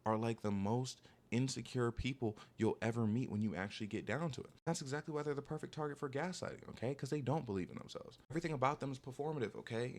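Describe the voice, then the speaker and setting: A young man gives dating advice in a relaxed monologue, speaking quickly and peppering his talk with "like" and "okay?" When he quotes people, he mocks them in put-on voices. His voice is mid-range with a somewhat dark tone.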